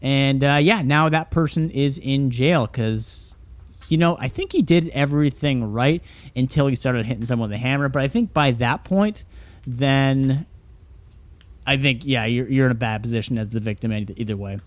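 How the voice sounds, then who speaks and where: A man co-hosting a podcast, reading out news stories in a relaxed, halting way. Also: mid-range voice, dry recording. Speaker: podcast co-host. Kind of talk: casual chat, reading headlines.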